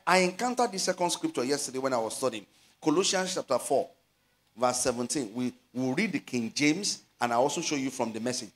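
A middle-aged man with a Nigerian Yoruba accent, preaching a sermon as a pastor, stretching out scripture words and building to loud exhortations. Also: mid-range voice. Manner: slows to stress scripture phrases.

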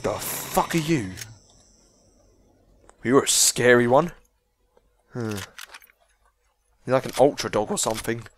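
A man's voice: medium pitch, lively intonation, takes it slowly, long pauses, a little hiss or hum. Sweary young man gaming. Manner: chatty, sweary, jokey, reacts loudly to the game. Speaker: gaming video host. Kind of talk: casual let's-play commentary.

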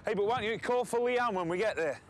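A man's voice: sits high, expressive, fast, a little hiss or hum. An actor playing a middle-aged father with a teasing, joking manner. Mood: easygoing. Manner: teasing, jokey banter. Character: joking working-class dad, middle-aged.

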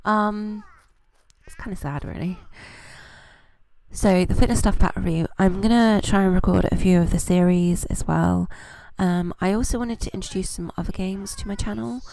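Chatty gravelly British woman. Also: medium pitch, normal speed, darkish tone, no room sound. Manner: chatty and rambling, with many fillers. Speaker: gaming channel host. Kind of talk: casual let's-play commentary.

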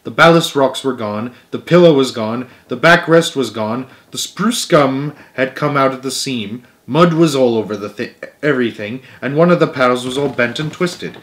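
A man reading a children's book aloud as storyteller, gentle, with small slips and self-corrections. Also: medium pitch, normal speed, hardly any pauses.

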